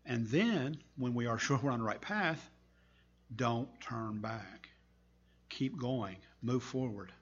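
Husky-voiced man preaching a sermon. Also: medium pitch, lively intonation, dull audio. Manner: earnest storytelling, slow emphatic pauses. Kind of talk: sermon with a told story.

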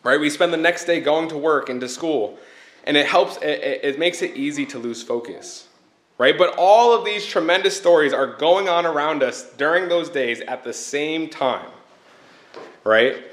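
An earnest man preaches a short sermon in a fairly high voice. He keeps circling back to repeat key points and asks his listeners "right?" as he goes. The sound carries the echo of a hall. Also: moderate pace. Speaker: church speaker.

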